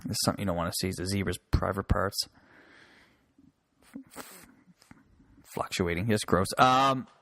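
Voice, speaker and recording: A stand-up comic from Newfoundland, Canada, hosts a casual solo podcast, rambling, joking and swearing throughout. His voice sits low but sounds pushed and bright, and he talks fast.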